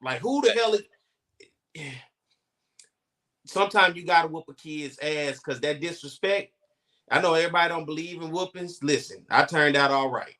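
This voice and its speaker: A man's voice: on the high side, normal speed, long pauses. A man co-hosting a casual podcast chat, telling stories bluntly with plenty of profanity and acting out the people in them. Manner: blunt, animated storytelling with profanity. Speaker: co-host.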